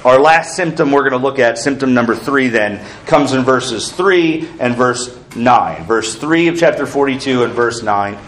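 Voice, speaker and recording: A man's voice: medium pitch, normal speed, hardly any pauses, fairly bright tone, slight background noise. A man preaching an earnest sermon as pastor, asking the congregation questions.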